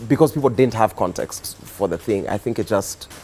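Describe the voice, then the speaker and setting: A young man with a Kenyan accent, a guest on a talk show, telling his story in a relaxed, rambling way with many fillers. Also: on the low side, normal speed, soft background music. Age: young adult. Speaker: guest, activist and musician. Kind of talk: casual interview storytelling.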